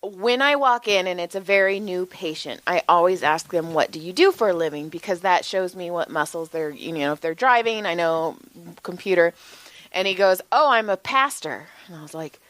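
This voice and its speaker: A middle-aged woman co-hosting a casual podcast, telling lively stories, acting out the quotes and swearing freely. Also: fairly low pitch, moderate pace. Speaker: podcast co-host, massage therapist. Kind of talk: casual chat, storytelling.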